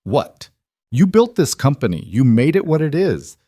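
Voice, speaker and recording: A man reading aloud, voicing an adult single father who speaks directly and gently. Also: mid-range voice, sing-song, normal speed, breathy edge, no room sound, studio quality, voice pushed up. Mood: encouraging.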